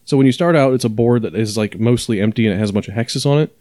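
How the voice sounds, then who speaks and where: A man's voice: medium pitch, very fast, darkish tone, no echo. A man co-hosting a podcast in casual chat, explaining things at length with many fillers and restarts. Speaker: podcast co-host.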